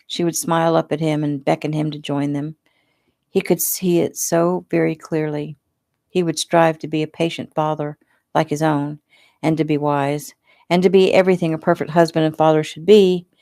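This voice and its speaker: A woman reading her own novel aloud, relaxed and unhurried. Her voice is low and mellow, with a gravelly fry. The sound is close and dry. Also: no echo. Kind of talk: casual audiobook narration.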